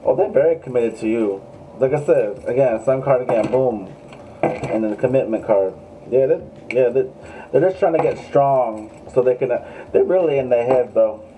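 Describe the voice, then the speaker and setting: A man's voice: medium pitch, moderate pace, warm tone, slight background noise, rough recording. Chatty man giving a casual tarot reading. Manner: chatty, joking, swearing, addresses viewers. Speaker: tarot reader.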